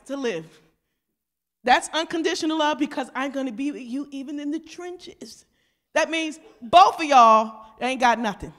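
A woman pastor with a high voice, speaking a little slowly, preaches a lively, casual sermon. She engages the congregation, mimics voices, and swings between loud emphatic shouts and quiet asides.

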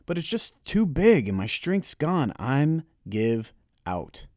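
A man's voice: fairly high pitch, sing-song, slow, a little mellow, no room sound, studio quality, pitched above the performer's own voice. A man voicing a tired, earnest young country boy in an audiobook reading, talking in a weary, pleading way.

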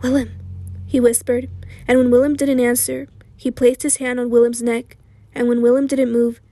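A woman with a hoarse voice reading an audiobook in a slow, steady, sombre way. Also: fairly high pitch, no room sound. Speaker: audiobook narrator. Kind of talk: audiobook narration.

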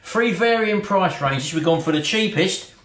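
A man's voice: high-pitched, animated, unhurried, fairly bright tone. Man, casual host chatter, roomy echoey kitchen sound. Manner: chatty, addresses viewers as folks. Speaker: channel host. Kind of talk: casual food review chat. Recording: echoey room, faint noise.

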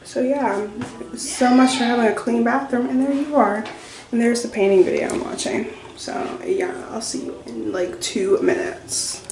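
A woman's voice: a little high, normal speed. A young woman vlogging casually at home, chatty and full of "like" fillers, talking toward a camera across the room. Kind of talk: casual vlog chat. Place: bathroom at home. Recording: echoey room, mic far off, noisy.

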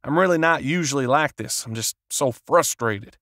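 A man's voice: medium pitch, moderate pace, pushed and bright, no echo, clean studio sound. A man voicing a desperate, frustrated would-be author who pleads in a raised, agitated voice, read as an audiobook character. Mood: pleading.

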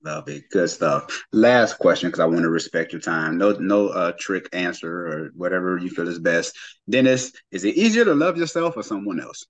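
A man's voice: sits low, lively intonation, moderate pace. A man hosting a podcast who asks questions and gives brief, encouraging affirmations. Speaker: podcast host. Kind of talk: interview questions.

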